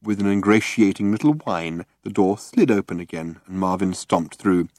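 A man narrating an audiobook in a measured, dry storytelling manner. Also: deep voice, darkish tone, dry recording. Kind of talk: scripted narration.

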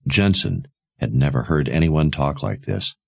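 A man reads a fantasy novel aloud in a very deep voice, measured and expressive. His pitch moves a lot across each sentence, and the recording is dry and close with no room echo. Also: gravelly, slightly rough. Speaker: audiobook narrator. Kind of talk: scripted fantasy narration.

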